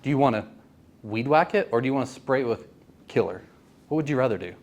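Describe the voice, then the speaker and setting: A man's voice: mid-range voice, expressive, fast. A man in his late thirties telling a personal story to a networking group, earnest and often asking the audience questions. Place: meeting room.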